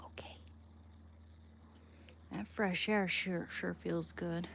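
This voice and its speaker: Low, slow-talking woman livestreaming at home. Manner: coos and whispers softly to her dog, then chats loosely with viewers. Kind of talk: casual livestream chat. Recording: clear steady background noise.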